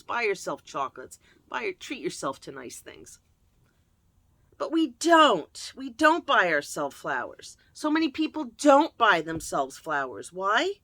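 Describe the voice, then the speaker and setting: A woman chatting casually to camera as host, jokey and lively, laughing often. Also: medium pitch, no room sound. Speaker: self-help video host.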